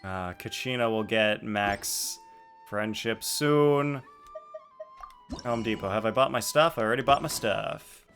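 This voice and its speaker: A man streaming a game, chatting casually and excitably with his viewers. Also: on the low side, unhurried, soft background music. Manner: excitable, jokey, reacting to chat. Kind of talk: casual live-stream chat.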